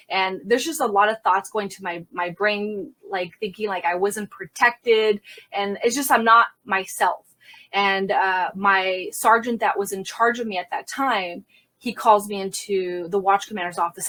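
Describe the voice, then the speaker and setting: A young adult woman, a crime scene investigator, telling a candid story in an interview and acting out the quotes loudly. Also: mid-range voice, a little slow. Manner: animated, acts out quotes loudly.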